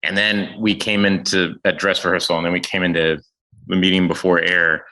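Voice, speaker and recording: A man's voice: sits low, flat delivery, brisk, pushed and bright, low-quality recording. A man in his forties telling rambling, stop-start stories in a casual chat. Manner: rambling storytelling with restarts. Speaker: guest comedian.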